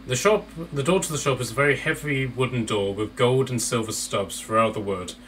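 A man's voice: mid-range voice, fairly quick, a bit bright. A man narrating as game master of a tabletop game, loose and rambling with many fillers, on a distant mic with faint noise.

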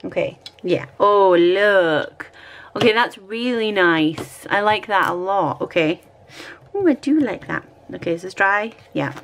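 Scottish woman, home crafting vlogger, chatty and self-mocking, animated pitch. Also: unhurried, a little hiss or hum. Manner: chatty, thinking aloud, self-deprecating. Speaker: planner vlogger. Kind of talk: casual chat while decorating a planner.

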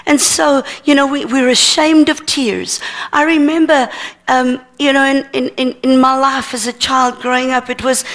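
Her voice high-pitched, steady and fairly bright, a middle-aged woman teaches at a ministry seminar. She gives her personal testimony earnestly, stumbling a little and repeating words.

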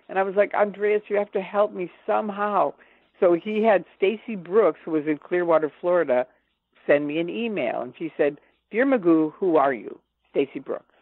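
Older female guest, lively storyteller who acts out quotes; tinny, dry phone audio. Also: low-pitched, breathy edge, no echo. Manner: animated, acts out quoted dialogue. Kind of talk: personal storytelling in an interview.

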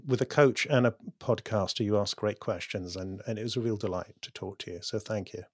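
A man's voice: on the low side, brisk, husky, no room sound, clean studio sound. A man, a guest in a casual interview, explaining ideas thoughtfully with frequent restarts. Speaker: podcast guest, poet.

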